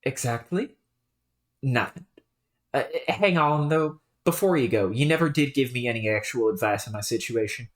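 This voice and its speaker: Woman doing a low, deadpan teenage boy. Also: moderate pace. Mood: dry. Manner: flat, laid-back, dry.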